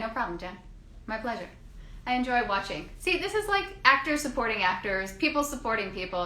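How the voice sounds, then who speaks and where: Bright, chatty Canadian woman in an echoey room. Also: medium pitch. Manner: chatty, self-mocking rambling. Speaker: host. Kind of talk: casual live-stream chat. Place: home studio.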